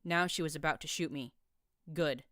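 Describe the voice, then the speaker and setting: Low, smooth woman narrating an audiobook. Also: normal speed, dry recording, clean studio sound. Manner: even, first-person storytelling. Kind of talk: audiobook narration of fan fiction.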